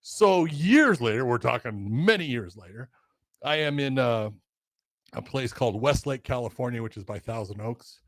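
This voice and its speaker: An older man co-hosting a podcast who tells stories in a casual, animated way, swearing now and then and acting out the voices of the people he quotes. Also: medium pitch, normal speed, no echo, studio quality. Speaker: podcast co-host, former referee. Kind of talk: casual storytelling chat.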